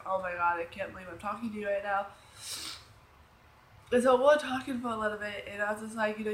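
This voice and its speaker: A woman in her thirties tells a personal story to the camera. Her voice sits at an ordinary middle pitch, and she rambles and restarts with plenty of "um" and "like". The room is echoey, with a faint hiss underneath. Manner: rambling, emotional, many fillers and restarts. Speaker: vlogger. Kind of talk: casual storytelling.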